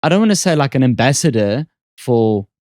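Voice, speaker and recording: A man's voice: mid-range voice, big pitch swings, fairly quick, a little mellow, dry recording, studio quality. A man with an Afrikaans South African accent hosts a podcast in casual, joking, self-deprecating chat. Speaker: podcast host.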